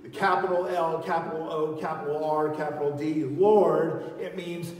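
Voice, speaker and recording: Man, pastor, sermon, emphatic, slightly high voice, distant mic, long church reverb. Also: fairly even intonation, normal speed. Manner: emphatic preaching, swinging from loud calls to quiet teaching; leads the congregation in call-and-response. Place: large church hall. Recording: echoey hall, voice from far off.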